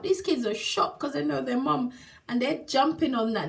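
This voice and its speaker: A woman with a fairly high voice recounts her own experience in a casual testimonial vlog. She talks emphatically, leaning on repeated words and laughing now and then. She sits a little back from the microphone, so the sound is slightly distant. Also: normal speed, creaky, a bit bright. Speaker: single mother sharing a product testimonial.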